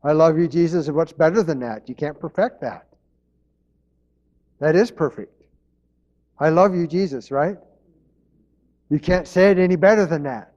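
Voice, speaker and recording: A man's voice: high-pitched, darkish tone, muffled recording. A man preaching a sermon as pastor, in an earnest manner, repeating his key phrases.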